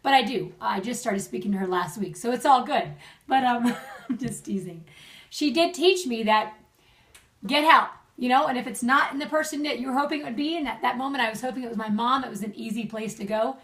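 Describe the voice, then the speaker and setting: A young woman talks chattily and laughs easily as she gives friends marriage advice. Her voice sits fairly high and sounds a little distant from the mic, as if recorded at home. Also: a little fast. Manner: warm, chatty, laughs often. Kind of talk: casual video message.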